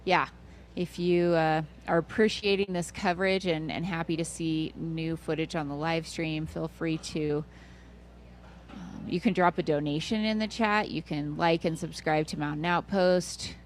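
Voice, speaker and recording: Chatty lady doing live race commentary, kinda low voice, faint hum behind. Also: fairly even intonation, measured pace. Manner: chatty, playful, self-correcting.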